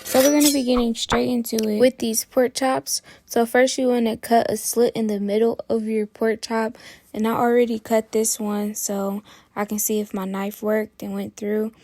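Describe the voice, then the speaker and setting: A woman hosting a cooking channel, talking viewers through a recipe in a chatty, relaxed way. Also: fairly high pitch, normal speed, vocal fry, no room sound. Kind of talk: casual cooking tutorial.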